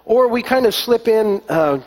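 Pastor with a hesitant, folksy delivery. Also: male voice, sits high, measured pace. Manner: relaxed storytelling with many fillers and restarts. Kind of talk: sermon. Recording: long echo of a large hall.

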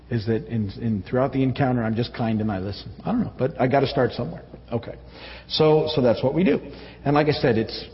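A man preaching a conversational sermon to his church, halting often with fillers and restarts. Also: medium pitch. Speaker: pastor. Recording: echoey hall, dull audio.

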